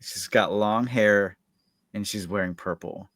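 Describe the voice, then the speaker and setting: A man with a fairly low voice walks through an episode recap in loose, rambling chat, stringing thoughts together with constant filler words. His voice sounds dry and close, with no room around it. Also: measured pace, fairly bright tone, no room sound. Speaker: podcast co-host.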